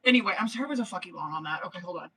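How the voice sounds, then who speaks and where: A woman's voice: lowish voice, animated, racing, crowd noise, rough recording. A woman giving tarot readings on a casual live stream, slangy and profane, laughing often and calling viewers girl and boo. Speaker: tarot reader.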